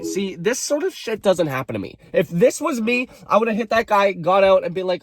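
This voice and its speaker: A young man with a bright, high speaking voice runs a comedic storytime, reading viewers' stories aloud and breaking in with sassy asides and mock outrage. The recording is close and dry, with no room sound around him. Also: expressive, fast talker, hardly any pauses, dry recording. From Canada. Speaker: storytime creator.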